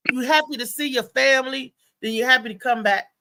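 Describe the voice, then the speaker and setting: A woman's voice: high voice, a little fast, noisy background. A woman hosting a live talk show, chatting casually and telling rambling stories with a lot of laughter. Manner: animated rambling storyteller, laughs often.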